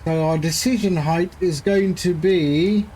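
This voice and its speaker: A man's voice: high voice, measured pace, dark tone, slight background noise. A man streaming a flight simulator, chatting casually and rambling with jokey asides to his viewers. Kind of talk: casual chat while flying a sim.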